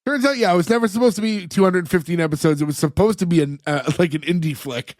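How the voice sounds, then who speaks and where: A man's voice: sits high, fast, darkish tone, no echo, clean studio sound. A man co-hosting a podcast in casual chat, rambling with many filler words as he retells scenes. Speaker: podcast co-host. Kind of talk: casual chat recapping an episode.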